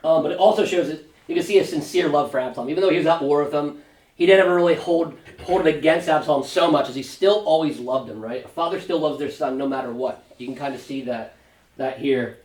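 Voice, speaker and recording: A pastor leading a Sunday school Bible study, talking conversationally and often checking in with a quick "right?". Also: male voice, fairly high pitch. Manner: conversational, fond of tag question "right?"; animated when paraphrasing scripture figures. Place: church classroom. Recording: roomy church room, mic at a distance.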